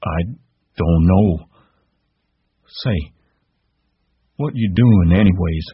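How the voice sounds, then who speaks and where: A man's voice: sits low, slow pace, slightly rough, no echo, muffled recording, voice pushed up, exaggerated voice. A man reading a story, voicing a big, simple-minded, childlike man who pleads and insists in plain rural talk. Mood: anxious.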